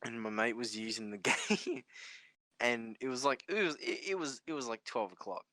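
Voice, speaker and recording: A man's voice: mid-range voice, lively intonation, moderate pace, bright, forceful tone, no echo. A young man hosting a podcast, telling stories in a rambling, swear-filled casual chat with frequent laughs. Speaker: podcast host.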